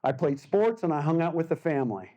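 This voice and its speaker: Older man telling stories, mellow voice. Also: a little high, brisk, highs cut off. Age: 60s. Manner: animated, acts out quoted voices, laughs often. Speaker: guest artist speaker. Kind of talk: casual storytelling talk.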